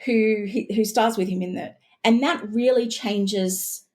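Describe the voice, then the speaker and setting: A woman's voice: medium pitch, measured pace, a little mellow. An Australian woman, a guest historian, talking in a casual podcast conversation, chatty and full of restarts and asides.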